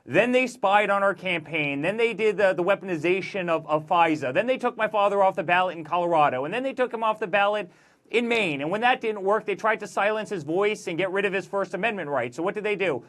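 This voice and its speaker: A man's voice: high voice, a bit bright. Emphatic man listing grievances. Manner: emphatic, rapid-fire lists of grievances. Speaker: guest author. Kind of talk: political interview.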